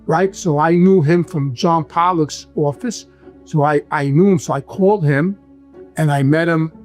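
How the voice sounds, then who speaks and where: A man with a thick New York accent tells his stories in a loose, rambling way, with slightly higher pitch than most men. He restarts sentences and keeps checking in with his listener. Faint music plays underneath. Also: unhurried. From Brooklyn, New York. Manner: rambling, restarts, frequent "right?". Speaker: guest, former mobster. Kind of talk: casual storytelling.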